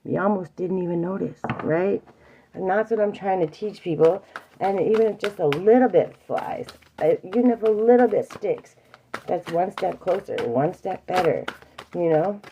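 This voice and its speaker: A woman's voice: on the low side, expressive, moderate pace, warm tone, a little hiss or hum. A woman teaching a spiritual emotional-awareness lesson in a casual, earthy way. She repeats phrases and swears lightly. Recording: dull lo-fi sound.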